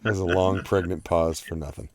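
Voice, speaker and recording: A man's voice: sits low, steady tone, moderate pace. A man hosting a live online panel in casual chat, rambling with fillers and easy laughs. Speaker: livestream host.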